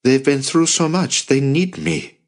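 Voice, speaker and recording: A man's voice: mid-range voice, a little slow, voice pushed up, lightly acted. A man voicing an anguished young man who is protective of his family, in a strained voice, in a storybook reading. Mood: pleading.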